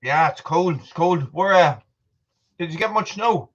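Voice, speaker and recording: A British man hosts a casual livestream, chatting away, reading out viewers' names and eating popcorn as he talks. His voice is on the high side, expressive, unhurried and a bit bright, though the audio is dull and lo-fi.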